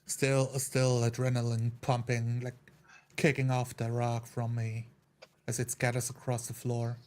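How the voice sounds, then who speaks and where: A man's voice: medium pitch, monotone, a little slow, a little mellow. A man playing a tabletop game, loosely narrating his character's actions. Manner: loose, rambling action descriptions. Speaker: player. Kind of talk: tabletop role-play.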